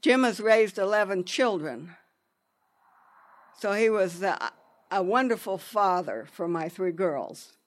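A woman telling a personal story in an unhurried, halting way, with pauses and restarts. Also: medium pitch, expressive.

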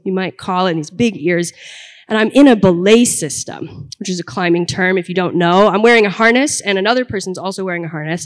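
A young woman telling a personal story to an audience in a conversational, comic way that builds to punchlines. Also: mid-range voice. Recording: long hall reverb.

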